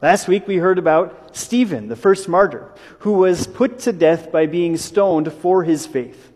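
A man pastor gives a Sunday sermon, speaking in a somewhat high voice. He tells his story in waves, rising in force and then sinking to near-whispers. The sound carries a long reverb from the church hall. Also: a little slow, husky. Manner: storytelling, builds in waves then drops to a hush.

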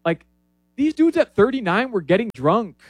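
Man, somewhat high voice, animated, casual sports chat, dry sound. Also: moderate pace, no echo. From not from Spain. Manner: animated, many fillers and restarts. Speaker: soccer analyst guest. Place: Miami area.

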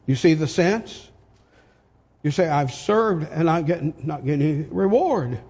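A husky, higher-pitched older man preaches at a deliberate, unhurried pace, pressing his points with rhetorical questions. His voice rings with the long reverb of a large hall. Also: lively intonation, darkish tone. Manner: slow, emphatic, asks rhetorical questions. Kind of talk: sermon.

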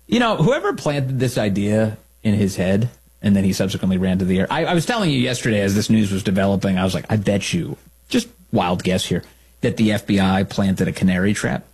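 A man's voice: on the low side, a little mellow, breathy edge. A man hosting a political commentary show, talking in a sarcastic, mocking and incredulous way.

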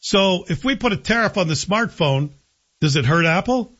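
A man hosting a radio talk show, giving animated, sarcastic opinion commentary. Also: high voice, moderate pace. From Canada. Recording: dull lo-fi broadcast audio.

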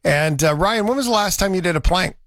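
A man's voice: high-pitched, expressive, brisk, a bit bright, no room sound, studio quality. A man hosting a radio talk show, chatting casually and teasing his co-worker.

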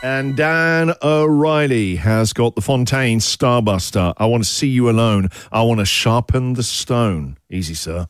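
A man's voice: medium pitch, normal speed, soft background music. A man hosting a breakfast radio segment, reading out listener entries, laughing often and joking. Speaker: radio host.

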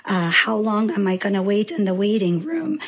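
A woman professor answering interview questions on the radio, thoughtful, with filler pauses. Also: mid-range voice, expressive.

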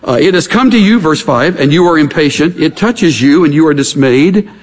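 A man preaching a conversational sermon in a folksy, animated way. He acts out scenes and reads scripture aloud. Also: fairly high pitch, moderate pace. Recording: long hall reverb.

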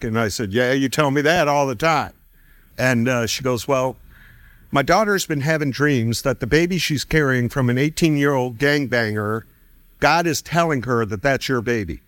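A man's voice: medium pitch, no echo. A man casually telling a personal faith story, acting out the people he quotes and laughing now and then. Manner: animated, acts out quoted voices, laughs often. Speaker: storyteller sharing testimony.

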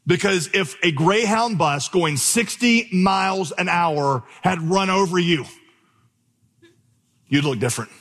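A man delivers a sermon from a church stage, driving points home by repeating them. His voice sits a little high and rings out with the long reverb of a big auditorium. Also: lively intonation, measured pace, pauses often, a bit bright. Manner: storytelling, emphatic, repeats for effect. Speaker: pastor.

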